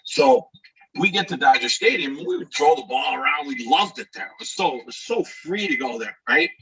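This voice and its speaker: Slightly high and breathy-edged, the voice of a middle-aged Scranton, Pennsylvania man comes through a bit far from the mic as he talks fairly quickly. He's a guest recounting his acting years in casual interview stories, animatedly acting out the shouted lines of the people involved.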